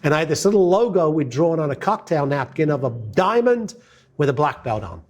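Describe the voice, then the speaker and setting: A middle-aged man telling a business success story as a lively, anecdotal monologue, acting out the quotes. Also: fairly high pitch, fairly quick, a little hiss or hum.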